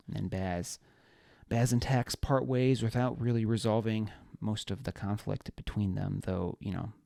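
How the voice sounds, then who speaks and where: A man with a low, gravelly voice talks through his own fantasy novel in a loose, rambling way, full of fillers and restarts. The sound is dry and close, with no room around it. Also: darkish tone, dry recording. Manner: rambling, many fillers and self-corrections. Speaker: author and podcast host. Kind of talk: casual book discussion.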